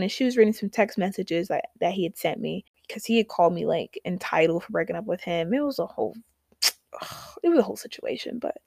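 A woman's voice: lowish voice, vocal fry, no echo, studio quality. A young woman hosting her own podcast, talking candidly and conversationally about her poetry book, often trailing off and restarting. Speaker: podcast host and poet. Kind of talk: casual podcast monologue.

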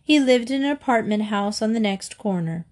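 A woman reading a children's chapter book aloud, gentle and expressive. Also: a little high, normal speed. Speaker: audiobook reader. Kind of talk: storybook narration read aloud.

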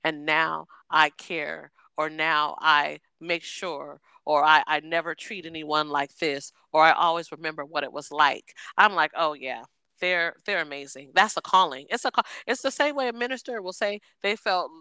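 A woman co-hosting a casual podcast chat, telling stories and giving warm shout-outs. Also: deep voice, moderate pace, hardly any pauses, clean tone, no room sound. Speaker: podcast co-host.

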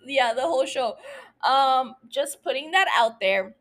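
A woman's voice: high voice, animated, measured pace, a bit bright. A young woman hosting a casual recap podcast, ranting emotionally and swearing freely. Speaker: podcast host.

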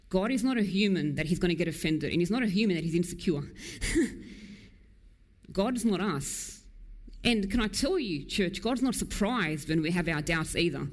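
This female preacher delivers her sermon earnestly and emphatically inside a church. Her pace picks up at times, then turns slow and low for the important lines.

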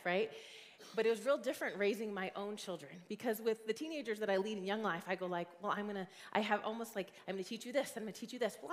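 A woman in her forties gives a sermon in an earnest, conversational way, thinking aloud with frequent fillers. Her voice sits at an ordinary pitch for a woman. It rings out with a long reverb, as in a large church hall. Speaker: guest preacher and youth ministry leader. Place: church sanctuary.

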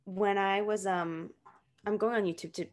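With a mid-range voice, fairly even intonation, and a moderate pace, a young woman co-hosts a podcast. She chats casually and fills her sentences with frequent uses of "like".

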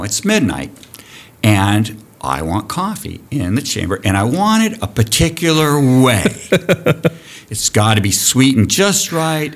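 Male diving instructor, low-pitched, lively storyteller, salty language. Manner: animated, profane, laughs through his stories. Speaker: diving program director. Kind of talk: storytelling in a podcast interview. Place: recorded on location at a college.

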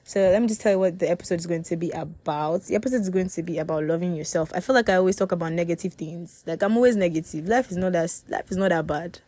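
A young woman talks fast with hardly any pauses in a fairly low, dark voice, captured in a dry recording. She hosts her own podcast alone, chatting casually while rambling, correcting herself and laughing a lot.

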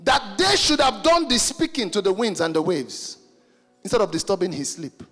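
High-voiced preacher shouting in a hall. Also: male voice, moderate pace, soft background music. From Nigeria. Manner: animated, jokey, shouts for emphasis and stretches words. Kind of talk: sermon.

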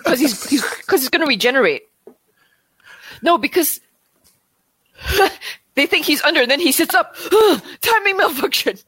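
A woman's voice: high-pitched, expressive, takes it slowly, long pauses, sharp tone, dry recording, low-quality recording. A woman in a casual watch-along chat, chatty and laughing often, restarting her sentences.

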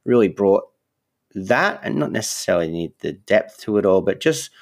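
Deep-voiced male host with a lively lilt. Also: moderate pace. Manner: rambling, searching questions with fillers. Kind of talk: interview questions.

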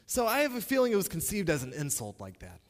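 A man's voice: high-pitched, wildly swooping pitch, fast, long reverb tail. A man giving a spoken lesson, playful and direct, talking straight to the listener. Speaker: teacher.

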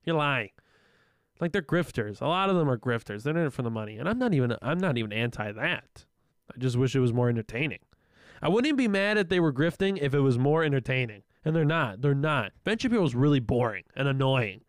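A young man co-hosting a podcast in casual political chat, animated and profane, often mocking the voices of others. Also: medium pitch, fast, dry recording, studio quality. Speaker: podcast co-host.

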